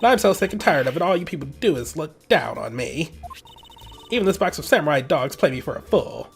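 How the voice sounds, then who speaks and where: A man's voice: fairly high pitch, sing-song, fairly quick, gravelly, faint music behind, pitched above the performer's own voice. A man voicing a nagging, lovestruck old woman who talks dramatically while reading game dialogue. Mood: whiny. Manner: whiny, gushing, dramatic.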